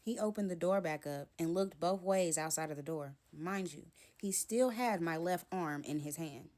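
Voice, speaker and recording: A woman narrates her own story to the camera in a relaxed storytime style. Her delivery is animated and dramatic, with a casual, slangy way of talking. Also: fairly low pitch, moderate pace. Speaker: storytime vlogger.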